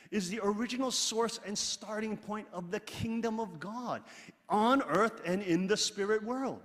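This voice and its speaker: A middle-aged man preaching a sermon, emphatic and animated, loud exclamations alternating with quiet asides, leading his congregation in reading aloud. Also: high voice. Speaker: pastor. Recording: long hall reverb.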